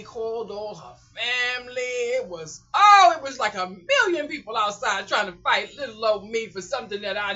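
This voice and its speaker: A woman's voice: lowish voice, pushed and bright. A woman vlogger telling stories casually and emphatically, acting out her own past words. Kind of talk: casual storytelling. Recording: dull lo-fi recording.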